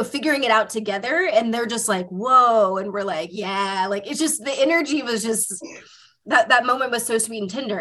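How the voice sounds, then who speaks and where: Podcast guest, woman, mid-pitched, casual and chatty, swears easily. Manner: animated storytelling, heavy use of "like", swears freely. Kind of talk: casual chat.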